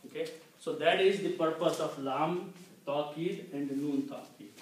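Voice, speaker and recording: A man teaching a classroom Quran lesson, explaining slowly and checking in with "okay" as he repeats each point. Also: fairly high pitch. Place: community center classroom. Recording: very echoey room, distant mic, faint noise.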